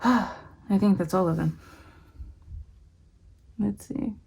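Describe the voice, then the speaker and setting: A young adult woman talking candidly to camera in a casual home vlog, thinking aloud and reading figures slowly. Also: mid-range voice, creaky, a little mellow, breathy edge. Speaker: vlogger.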